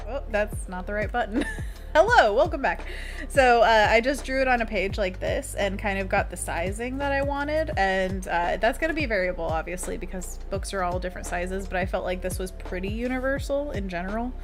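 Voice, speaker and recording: A bubbly, giggly woman talks her way through a drawing livestream, chatting easily with her viewers. Her voice sits at an ordinary middle pitch, and faint music plays softly behind her. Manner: bubbly, giggly, chatty, reads chat aloud. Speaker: art livestream host. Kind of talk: casual livestream chat while drawing. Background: faint background music.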